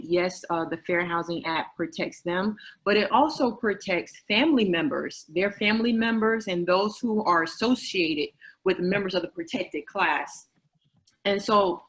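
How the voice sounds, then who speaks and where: A woman presenting a fair housing webinar, explaining in a measured way with occasional fillers. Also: medium pitch, fairly bright tone, poor audio. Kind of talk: webinar lecture.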